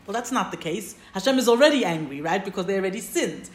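A woman leads a text-study class at a middle pitch, walking through each point and checking in with her listeners. Her voice carries a noticeable roomy echo. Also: big pitch swings, brisk, hardly any pauses. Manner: explains step by step, checks in with "right?". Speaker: Torah teacher.

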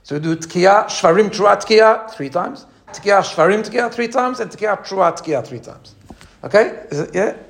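A man teaching a lively religious lesson. He imitates sounds as he explains and often restarts his phrases. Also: high voice, unhurried, creaky. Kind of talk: teaching talk.

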